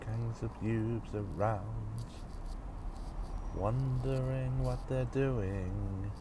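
A man's voice: fairly low pitch, steady tone, drawn-out words. A man grumbling and swearing to himself while driving in traffic, with wry asides. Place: inside a car in traffic. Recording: road and engine noise in car.

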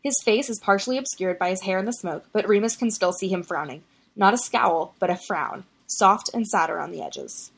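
A woman narrating a work of fiction in an expressive, intimate reading style. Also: mid-range voice, moderate pace, creaky, slightly rough.

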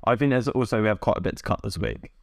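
A man's voice: on the low side, expressive, rapid-fire, vocal fry, dry recording, clean studio sound. A man co-hosting a podcast in casual chat, rambling and teasing his friends. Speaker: podcast co-host.

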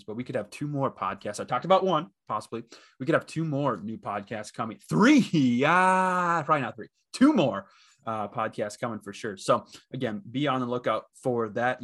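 A man's voice: mid-range voice, a bit bright. A man from the Dakotas hosting a sports betting podcast alone, talking casually and rambling with lots of fillers and restarts. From Midwest, the Dakotas. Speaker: podcast host.

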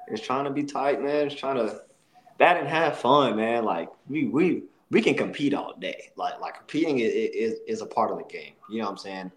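A man's voice: medium pitch, animated, normal speed. A man in casual chat, laid-back and slangy, who keeps saying "bro". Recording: echoey room.

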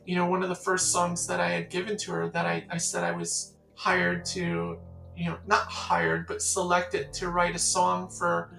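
Songwriter woman, low gravelly voice, lively storyteller, roomy echo. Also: moderate pace, faint music behind. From Catskills, New York. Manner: animated storyteller acting out quoted voices. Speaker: songwriter guest. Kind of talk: casual storytelling interview.

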